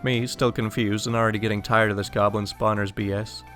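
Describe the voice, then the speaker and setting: A man's voice: on the low side, level tone, a little fast, a bit bright, soft background music. Young man reading a story aloud. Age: young adult. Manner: casual, exasperated storytelling. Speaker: story narrator.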